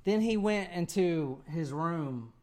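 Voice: medium pitch, animated, takes it slowly, darkish tone. A person telling a story to friends in a casual, rambling way, with many "like"s and "right?"s.

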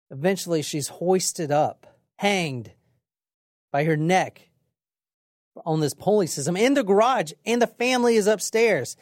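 Lively, blunt woman telling a crime story. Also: fairly low pitch, measured pace, long pauses, no room sound, clean studio sound. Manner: casual, blunt, swears, lively retelling. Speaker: podcast host.

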